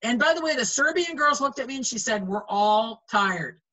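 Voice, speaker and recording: A woman's voice: high voice, fast talker, sharp tone, poor audio. A middle-aged woman, a volleyball referee, chatting animatedly in an interview and acting out quoted lines as she tells stories. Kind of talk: storytelling in an interview.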